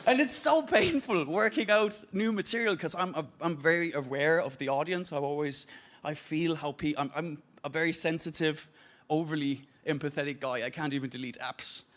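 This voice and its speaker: A man's voice: on the high side, moderate pace. A Danish man with an Irish-tinged accent, doing a self-deprecating stand-up set and acting out voices as he tells stories. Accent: Irish-tinged English. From Denmark. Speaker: stand-up comedian. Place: comedy stage. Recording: loud background noise from a live show.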